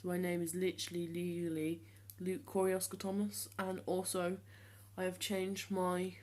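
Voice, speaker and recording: A seventeen-year-old young man talking casually to the camera in a vlog, hesitant with many ums and restarts, speaking in a voice he has deliberately trained lower. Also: completely flat delivery, darkish tone. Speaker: vlogger.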